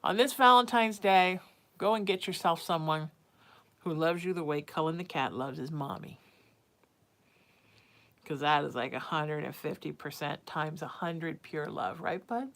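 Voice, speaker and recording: A woman's voice: measured pace, fairly bright tone. Woman host cooing baby talk to her cat. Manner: coos baby talk to her cat, sing-song pitch leaps. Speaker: psychic and livestream host. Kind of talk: casual livestream chat.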